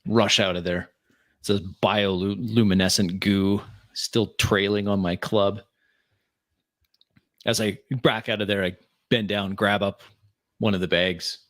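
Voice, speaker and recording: A man's voice: lowish voice, little pitch movement, a little slow, pauses often, a bit bright, dry recording. A man playing a tabletop game in character, blunt and casual. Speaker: player.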